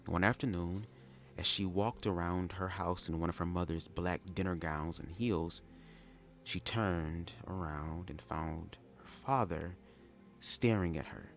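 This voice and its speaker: A man reading a memoir aloud live, breaking off into sassy, animated asides. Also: low voice, measured pace, vocal fry, soft background music. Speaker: reader of a memoir. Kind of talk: live read-aloud with commentary.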